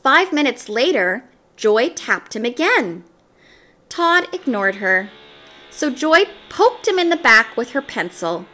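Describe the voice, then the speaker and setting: Lady reading a kids story out loud, slow and animated. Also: a little high. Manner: gentle, expressive storytelling. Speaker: story reader. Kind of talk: children's storybook read-aloud.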